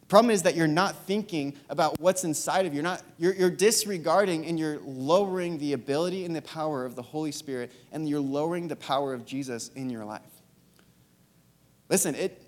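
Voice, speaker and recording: A man's voice: a little high, fairly quick. A young man giving a sermon, talking earnestly and casually, with fillers, as he tells a story. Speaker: youth speaker. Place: church hall. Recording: long hall reverb, music behind. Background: soft guitar.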